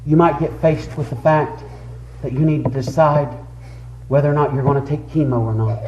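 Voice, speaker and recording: Preacher, high chanted sermon. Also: male voice, steady tone, normal speed, highs cut off, background noise. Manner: rises into chanted, sing-song preaching; fervent, addresses listeners by name. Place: church sanctuary. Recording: echoey church room.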